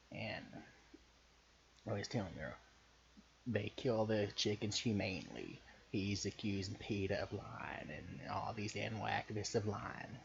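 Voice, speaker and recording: A man with a Southern US accent tells a story in a low voice, loose and profane and full of hesitations. The recording sounds a bit muffled, with a faint hiss underneath. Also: creaky. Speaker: podcaster pitching a story idea. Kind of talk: casual rambling storytelling.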